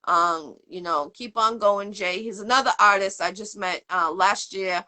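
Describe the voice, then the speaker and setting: A woman's voice: mid-range voice, measured pace. A woman hosting an interview show, chatting in a rambling, upbeat way with lots of fillers. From Boston area, USA. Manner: rambling, upbeat, full of shout-outs and fillers. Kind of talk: casual interview chat.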